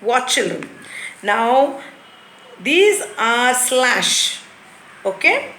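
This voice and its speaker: A woman teacher giving a lesson to young children, explaining patiently and repeating things slowly. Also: on the high side, very animated, pushed and bright, slight background noise. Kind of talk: recorded classroom lesson. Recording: echoey room.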